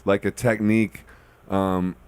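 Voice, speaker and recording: A man's voice: fairly low pitch, little pitch movement, unhurried, darkish tone, clear, resonant tone. A man hosting a podcast, talking casually in a rambling, opinionated way full of fillers. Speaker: podcast host. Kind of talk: casual conversation.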